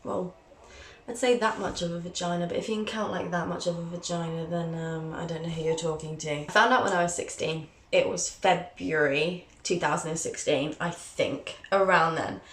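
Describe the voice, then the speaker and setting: A woman's voice: on the low side, fairly even intonation, moderate pace. A young woman in her twenties telling her own story to camera in a chatty, candid, self-mocking way. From England. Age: 20s. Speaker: vlogger, journalism student. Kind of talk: casual personal storytelling to camera. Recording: roomy, echoey sound.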